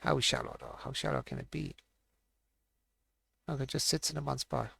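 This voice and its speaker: A man's voice: mid-range voice, steady tone, normal speed, gravelly, pushed and bright, husky, no room sound. A man streaming a fishing game, thinking aloud and muttering to himself as he plays. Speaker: gaming streamer. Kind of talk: casual live-stream commentary.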